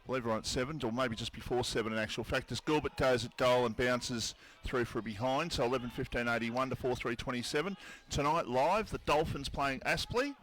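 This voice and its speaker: A man's voice: mid-range voice, brisk, hardly any pauses. Australian man calling local football. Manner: relaxed, banters between play calls. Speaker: football commentator. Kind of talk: local radio sports commentary.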